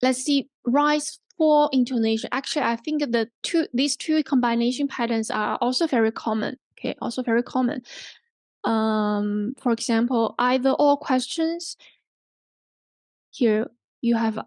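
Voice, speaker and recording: Running a workshop on intonation, a woman with a Hong Kong English accent explains things patiently, repeats herself, and checks in often with "okay?" Her fairly high voice has a darkish tone and a measured pace. The recording is dry and close, without room echo.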